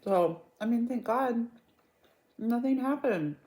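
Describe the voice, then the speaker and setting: A woman vlogger chatting casually, retelling a story with a gossipy, animated manner. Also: on the high side, takes it slowly. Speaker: mukbang vlogger.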